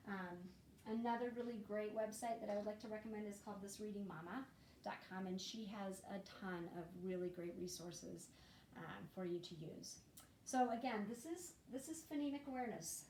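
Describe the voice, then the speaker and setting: A woman's voice: medium pitch, darkish tone. A woman giving a reading lesson to parents, explaining patiently and demonstrating sounds. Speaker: reading teacher. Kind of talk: instructional video lesson. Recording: echoey room with faint noise.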